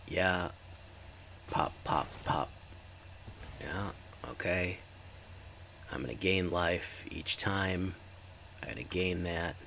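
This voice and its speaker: A man's voice: low-pitched, gravelly, a bit bright, slight background noise. A man giving casual, chatty commentary while streaming a card game and talking to his live chat.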